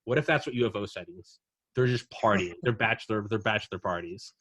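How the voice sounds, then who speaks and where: A man's voice: on the low side, brisk, fairly bright tone, no echo. A young man hosting a casual podcast chat, rambling and swearing as he spins a story. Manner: rambling, profane, acts out drunk aliens in quotes. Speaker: podcast host.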